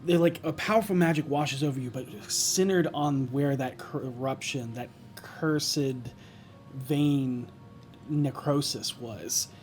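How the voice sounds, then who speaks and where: A man narrating a tabletop game as game master, describing scenes slowly and thoughtfully with pauses. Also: mid-range voice, faint music behind.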